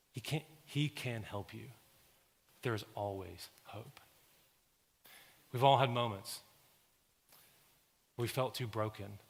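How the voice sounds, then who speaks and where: A man's voice: on the low side, gravelly. Man preaching in a reverberant church. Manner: builds from calm to loud, intense preaching. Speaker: pastor. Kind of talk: sermon. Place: church sanctuary. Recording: long hall reverb.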